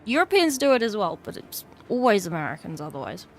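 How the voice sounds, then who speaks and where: A woman's voice: mid-range voice, sing-song, fast talker, slight background noise. An English woman chatting casually on a livestream, chatty and swearing freely with exasperated asides. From England. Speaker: streamer.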